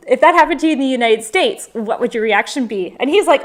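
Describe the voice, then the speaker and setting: A woman's voice: high-pitched, a little fast. A woman in her forties, a travel vlogger and mother, chatting casually on a live Q&A and acting out the voices in her stories. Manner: animated storyteller, acts out quotes.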